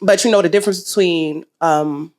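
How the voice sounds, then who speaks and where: A woman's voice: on the low side, moderate pace, darkish tone. A woman, a poet giving candid, casual advice at an open mic and swearing freely.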